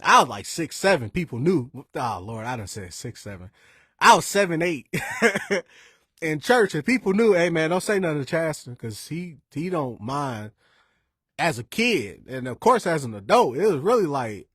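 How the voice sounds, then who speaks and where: A young man talks in a loose preaching style and acts out quoted voices. His voice is slightly husky and fairly high, with a lively rise and fall. The sound is dry and close. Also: moderate pace, dry recording. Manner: lively, animated storytelling with quoted voices and restarts. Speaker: speaker sharing church stories. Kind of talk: informal preaching-style talk.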